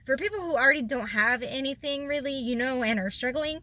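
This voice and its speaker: A woman's voice: high voice, a little fast, hardly any pauses, pushed and bright. A young woman vlogger venting in a casual storytime chat, upset and close to tears.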